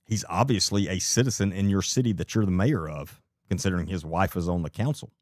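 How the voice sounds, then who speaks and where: A man's voice: deep voice, brisk, darkish tone, no echo, studio quality. A man commenting live on a video clip, blunt and incredulous, who swears and repeats rhetorical questions.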